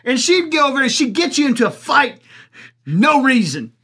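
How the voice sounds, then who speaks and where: A man's voice: very high voice, very animated, moderate pace, pushed and bright, husky, heavily acted. A man playing a crude, blunt commentator with a drawl, laughing at his own jokes in an improvised comedy bit. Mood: crude ranting. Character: crude rural Southern man, blunt, loud-mouthed. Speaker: comic commentator persona.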